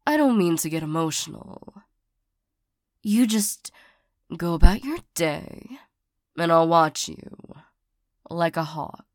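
A young woman playing the listener's hurt ex-lover turned bodyguard in an audio role-play. She talks haltingly, stammering and sighing often. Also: lowish voice, dry recording, clean studio sound. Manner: halting, stammering, frequent sighs.

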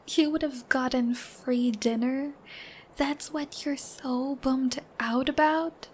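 A woman's voice: high voice, steady tone, slow pace, a little hiss or hum. A woman as a giggly, shy young girlfriend. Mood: shy, tender. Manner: giggly, babbling, soft and affectionate. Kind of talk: whispered role-play.

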